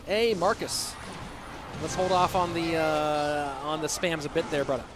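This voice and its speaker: A man casting a live esports match on his own, answering chat between excited play calls. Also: fairly high pitch, unhurried. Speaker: esports caster. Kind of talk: solo live esports commentary with chat reading. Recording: loud music behind voice.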